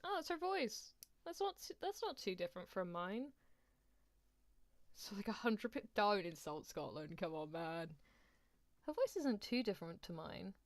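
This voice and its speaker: A young British woman streaming a visual novel, chatting playfully, laughing a lot and reading story passages in a hushed voice. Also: medium pitch, very animated, normal speed, no room sound. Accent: British English. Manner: giggly, playful, reads narration in a hushed voice. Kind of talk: casual let's-play chat and reading aloud.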